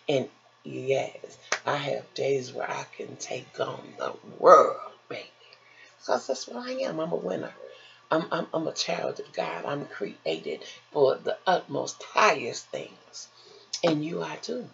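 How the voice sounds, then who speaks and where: An older woman talks to her viewers slowly and tenderly, like a mother comforting her children. Her voice has a heavy gravelly fry. The home recording sounds dull and lo-fi, with a faint hiss behind it. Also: rumbling low, lively intonation. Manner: slow, soothing, motherly, calls listeners baby and honey. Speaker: vlogger. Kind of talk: encouraging vlog talk.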